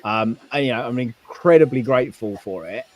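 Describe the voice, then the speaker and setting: A British man in his thirties talks on a podcast in a medium-pitched voice. He rambles from one anecdote to the next and fills his sentences with ums and restarts. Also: a little fast. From United Kingdom. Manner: rambling, anecdotal, many fillers. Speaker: guest maker and YouTuber. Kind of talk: casual podcast chat.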